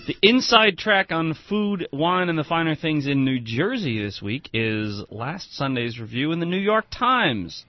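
Chatty, animated radio co-host. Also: male voice, fairly high pitch, a little slow, few pauses, muffled recording. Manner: animated, chatty, lots of restarts. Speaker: radio show co-host, restaurant owner. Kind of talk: casual radio talk.

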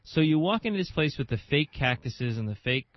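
A man's voice: a little high, expressive, fairly quick, no echo. Guy riffing on a food podcast, jokey and rambly, dry slightly dull sound. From Irish-American, New Jersey. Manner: jokey, laughs often, rambling. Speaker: podcast co-host. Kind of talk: casual chat.

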